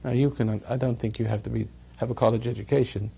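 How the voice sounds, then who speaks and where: A man's voice: medium pitch, fairly even intonation, fast talker, creaky, dark tone, slightly rough. A man giving a rambling talk to a live audience, chuckling at his own jokes as he tells stories. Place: evening gathering with an audience.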